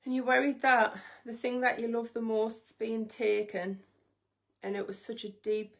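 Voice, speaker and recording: A woman's voice: fairly high pitch, flat delivery, unhurried, vocal fry. A woman giving a live spiritual reading, talking in an emotive, intimate way and speaking straight to the viewer. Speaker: psychic reader on a livestream.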